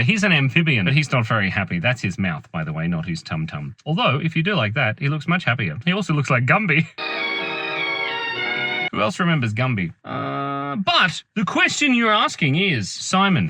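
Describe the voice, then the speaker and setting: A male vlogger in his thirties chats from a parked car in a playful, rambling, giggly way, making comic vlog talk. His medium-pitched voice is sharp and husky, picked up only by a built-in camera mic rather than a proper microphone.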